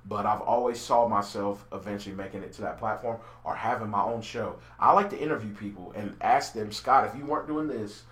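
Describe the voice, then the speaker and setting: Man, bright clear tone, animated storyteller, stammering repeats, roomy echoing room. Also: lowish voice, brisk, few pauses. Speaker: podcast host and business owner. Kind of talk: casual podcast chat. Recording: roomy echo.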